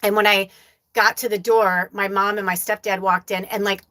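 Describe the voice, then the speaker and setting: A woman's voice: mid-range voice, flat delivery, moderate pace, bright, forceful tone. A woman psychic medium giving a live channeled reading and telling a personal story in a rambling, casual way, with lots of fillers and some swearing.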